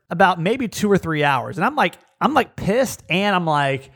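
Middle-aged man, podcast host, slightly high gravelly voice, dry close sound, animated storyteller. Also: normal speed, no room sound. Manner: animated, acts out quoted dialogue with rising pitch. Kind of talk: casual storytelling.

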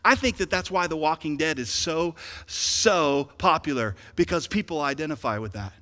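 A man preaching a sermon as pastor, animated and joking, swinging from quiet asides to shouted exhortation. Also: on the high side, normal speed, big-room sound. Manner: joking, playful.

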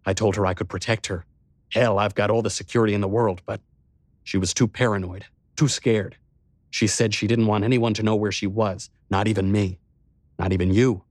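A youngish tech billionaire, as a male reader puts him on, blunt and casual with a sure, strong voice. The tone sits fairly low, and the recording is close and dry. It is an audiobook character voice. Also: steady tone, normal speed, a little mellow, dry recording, natural voice.

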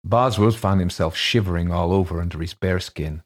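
A man reading a ghost story aloud as an audiobook narrator, measured and even. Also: low voice.

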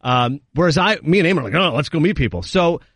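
A man in casual chat, telling quick, animated anecdotes and acting out the quotes. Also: a little high, breathy edge, no room sound. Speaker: guest.

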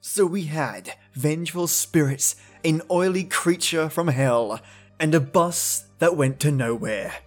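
A male podcast host narrates horror urban legends in a theatrical, chatty way. His voice sits a bit high, and soft music plays under the telling. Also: unhurried.

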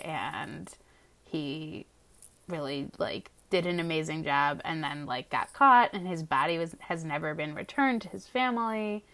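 Woman, casual podcast co-host, frank and rambling, a bit low in pitch. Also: a bit bright. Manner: hedging, filler-heavy, frank. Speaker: podcast co-host reviewing a TV show. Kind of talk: casual chat.

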